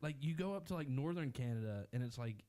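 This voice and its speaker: A young man co-hosting a radio show in casual banter, ranting in an animated, jokey way. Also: medium pitch, quick pace.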